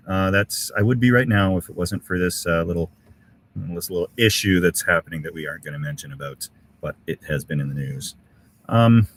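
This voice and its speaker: A man's voice: sits low, slight background noise. A middle-aged man hosting a casual live stream from a winter campsite, reading out viewer comments and thanking people with lots of uhs and ums. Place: outdoor winter camp in severe cold.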